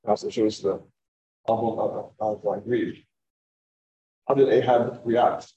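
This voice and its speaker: A man's voice: on the low side, fairly even intonation, a little slow, dark tone, lo-fi sound. A man giving a sermon on scripture in a conversational way, often repeating words as he finds them. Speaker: preacher. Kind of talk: sermon, Bible teaching.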